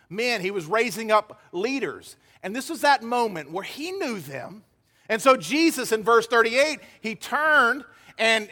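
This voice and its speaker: A man's voice: high-pitched, a bit bright. A man preaching a sermon as pastor, emphatic and acting out the quoted dialogue. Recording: hall reverb.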